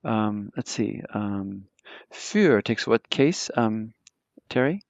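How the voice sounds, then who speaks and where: A man's voice: on the low side, expressive, slow pace, no echo. A man teaching a German grammar lesson, explaining patiently with lots of fillers and restarts. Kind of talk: live online grammar lesson.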